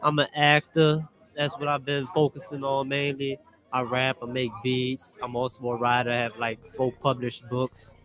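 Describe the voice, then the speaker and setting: A young man in his twenties, an actor, is a guest on a podcast recorded live at a church health fair. His mid-range, fairly bright voice is completely flat and moves at a normal speed as he gives long, meandering, casual answers about his story.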